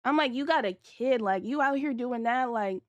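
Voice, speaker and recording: A woman's voice: moderate pace, dry recording, dull audio. A young adult woman telling a story on a livestream in casual, slangy talk full of "like," acting out quoted lines. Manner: chatty, slangy and profane, heavy use of "like"; acts out quoted lines with big jumps in pitch and loudness. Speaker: streamer. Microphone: streaming setup.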